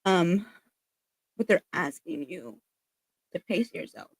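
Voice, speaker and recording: Earnest, swearing woman tarot reader, low-pitched. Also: very animated, slow, creaky, husky, no room sound. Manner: emphatic and earnest, swears freely, relays messages. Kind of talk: casual spiritual tarot reading.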